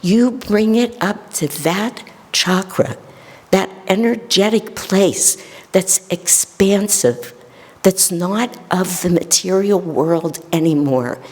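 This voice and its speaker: A middle-aged woman minister delivers a sermon at an unhurried pace, her voice low and slightly husky. She tells personal stories and sinks into soft near-whispers to make a point. The temple around her adds a long, lingering reverb. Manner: storytelling, drops to soft near-whispers for emphasis.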